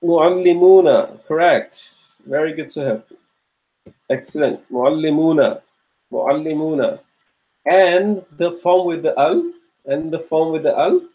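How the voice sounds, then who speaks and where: A man's voice: on the high side, unhurried, long pauses, dark tone, poor audio. A man teaching an online grammar class, patiently repeating his questions and praising students by name as they answer. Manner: patient, encouraging drill questioning. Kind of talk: live online class lecture.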